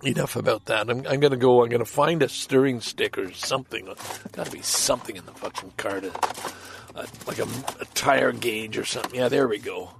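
A man's voice: medium pitch, brisk, creaky, faint music behind. An older man telling a rambling, profane story from his parked car, stammering and exasperated. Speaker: podcast host. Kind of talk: rambling personal anecdote.

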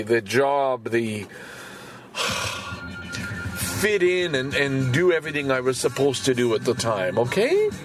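Man, 65, podcast host; candid swearing monologue with a wide pitch swing, soft music underneath. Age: 60s. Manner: animated, swinging from low musing to loud outbursts; swears casually, repeats words when pushing a point. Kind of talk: casual monologue.

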